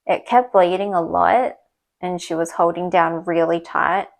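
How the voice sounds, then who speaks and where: A woman's voice: lowish voice, steady tone, measured pace, vocal fry, rough recording. A young woman talking casually to camera, telling a candid personal story and retelling conversations. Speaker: vlogger. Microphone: small clip or desk mic, sometimes knocked.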